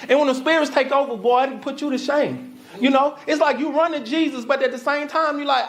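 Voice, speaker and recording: With a voice that sits high and a brisk pace, a Southern US woman pastor delivers a sermon. Her style is animated and conversational, and she calls out to the congregation.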